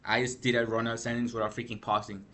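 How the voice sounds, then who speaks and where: A man's voice: medium pitch, flat delivery, fast, pushed and bright. A man vlogging gaming news in a rambling, slangy rant, tired from lack of sleep. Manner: rambling, slangy, frequent "bro" and "freaking". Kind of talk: casual ranting commentary.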